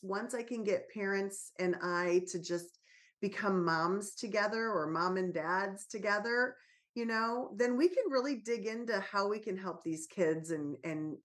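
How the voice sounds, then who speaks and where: A woman speaking in an everyday middle-pitched voice, earnest and reassuring. She talks as a podcast guest and tells personal stories about raising her child. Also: measured pace. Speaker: podcast guest, parenting author. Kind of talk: casual podcast conversation.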